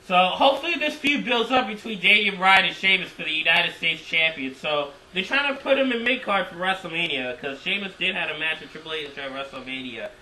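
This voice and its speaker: An excitable man recaps and reviews a show in a loose, rambling way, circling back over the same points. His voice is very bright and sharp and sits a little high. It is recorded on a camera mic in an echoey room with faint background hiss. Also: fairly quick, few pauses. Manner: excitable, repeats himself, rambling. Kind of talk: casual recap and opinion.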